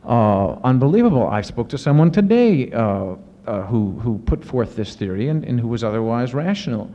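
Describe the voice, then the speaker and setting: A man, an author and professor, answering audience questions in lively storytelling with many restarts and fillers. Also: medium pitch, normal speed, big-room sound. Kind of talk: casual spoken Q&A. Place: university lecture event. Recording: muffled 1970s archive recording.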